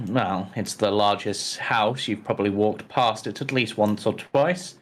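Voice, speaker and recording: A man puts on a pompous baron who talks slowly and grandly in a lowish voice. He plays the self-satisfied town noble in a tabletop game, with faint music in the background.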